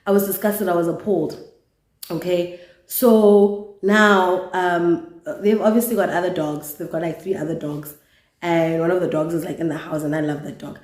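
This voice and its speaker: A young woman from South Africa with a South African accent, telling a storytime vlog in a lively, candid way with swearing. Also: on the low side, normal speed. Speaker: YouTuber. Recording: roomy echo.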